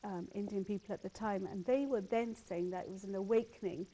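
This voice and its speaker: A woman's voice: mid-range voice, brisk, mellow. Earnest woman hosting a phone-in show. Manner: earnest, repeats words as she builds points. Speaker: host.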